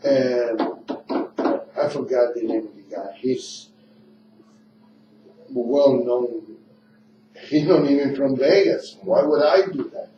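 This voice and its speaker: A man's voice: medium pitch, takes it slowly, long pauses, reverberant, a little hiss or hum. A man hosting a radio talk show in English, his second language, rambling and repeating himself as he shares his opinions. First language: not English. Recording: dull lo-fi room sound from a distant mic.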